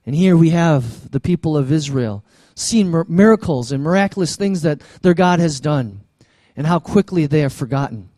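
A man's voice: a little high, expressive, normal speed, mellow, dry recording. A man preaching a sermon as pastor, conversational and often stammering on restarts.

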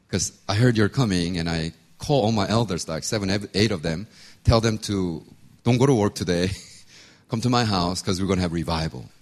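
Animated man telling a sermon story. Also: low-pitched. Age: 50s. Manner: animated storytelling, acts out voices, laughs often. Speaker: pastor.

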